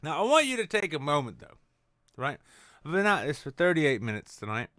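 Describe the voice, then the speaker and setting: A man's voice: on the high side, big pitch swings, a little fast, a bit bright. A man hosting a late-night comedy show from his apartment, ranting about the news sarcastically and swearing constantly. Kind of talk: profane satirical news rant. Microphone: on camera at home.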